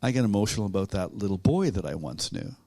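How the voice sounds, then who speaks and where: A man being interviewed about his own life, talking in a halting, reflective way with many restarts. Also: fairly low pitch, expressive, vocal fry, dark tone, no echo, clean studio sound. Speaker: guest author. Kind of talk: conversational storytelling.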